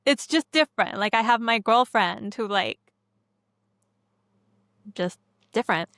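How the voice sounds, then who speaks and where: A woman's voice: fairly high pitch, lively intonation, a little slow, a bit bright, no echo, clean studio sound. A young woman cohosting a movie podcast, chatting casually with a rambling, filler-heavy way of talking. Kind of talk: casual chat.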